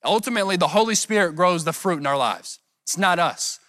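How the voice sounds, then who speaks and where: A man with a high voice preaching a sermon to his congregation. He talks in a relaxed, conversational way and keeps checking in with rhetorical questions. The sound is dry and close. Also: fairly quick, no room sound. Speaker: pastor.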